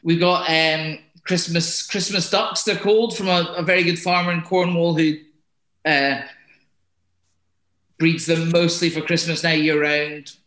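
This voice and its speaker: A man's voice: fairly high pitch, steady tone, a little slow, a bit bright. A chef on a video call, laid-back and laughing easily as he chats. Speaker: chef, restaurant co-owner. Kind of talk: casual conversation. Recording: roomy echo.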